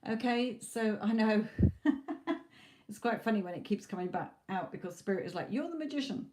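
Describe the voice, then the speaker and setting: Late at night on a live stream, a tired woman reads tarot cards in a chatty, reassuring way, often saying "okay" and "you know" as her voice gives out. Her voice is mid-range at normal speed, over a noisy background.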